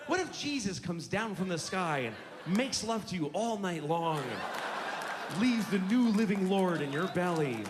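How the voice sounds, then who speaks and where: A stand-up comedian with a high, sing-song male voice rants in an unhurried way, profane and sarcastic, building to outbursts. He performs on a comedy stage with a handheld mic before a live audience. The live recording is noisy, with the crowd audible.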